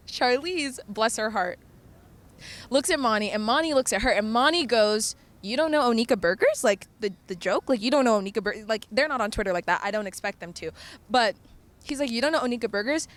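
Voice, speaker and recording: A young woman from North Carolina, vlogging and telling a story in a chatty, animated way, with lots of "like" and frequent laughter. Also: on the high side. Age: young adult. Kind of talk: casual storytelling chat.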